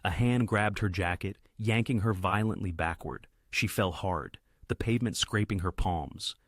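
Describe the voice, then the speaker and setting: A man reading a dramatic story aloud in a steady narration. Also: sits low, normal speed, dry recording, clean studio sound.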